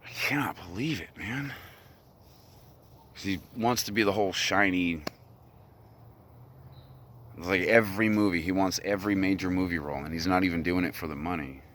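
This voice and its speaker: A man with a very low, heavy voice rants on his own, swearing freely and sounding agitated. He is outdoors on a hilltop, with a faint wash of open-air ambience behind him. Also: normal speed, pauses often, fairly bright tone, slight background noise. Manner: ranting, profane, agitated monologue. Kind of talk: solo rant to camera.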